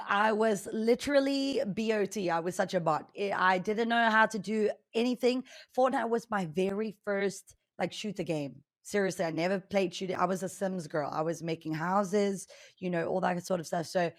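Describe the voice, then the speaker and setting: A young adult woman with a South African accent blended with Australian, a chatty, high-energy podcast guest talking about streaming. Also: normal speed, no room sound. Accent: South African mixed with Australian. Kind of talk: casual interview talk.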